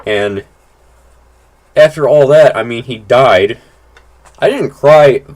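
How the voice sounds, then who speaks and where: A man in mid-pitch giving loose, off-the-cuff commentary over gameplay. He rambles, restarts his sentences, fills gaps with "like" and swears without fuss. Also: takes it slowly, a little mellow. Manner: blunt, swears casually. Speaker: gaming channel host.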